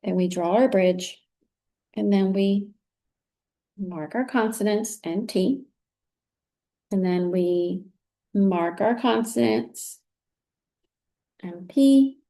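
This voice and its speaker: Female teacher trainer, mellow and patient, encouraging classroom delivery. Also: mid-range voice, slow, pauses often. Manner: patient, encouraging, with frequent "very good". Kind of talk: recorded teaching demonstration.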